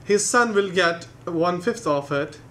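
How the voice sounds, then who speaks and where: A young man telling a long joke in a brisk storytelling way. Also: high-pitched, animated, a bit bright, a little hiss or hum. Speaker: stand-up comedian.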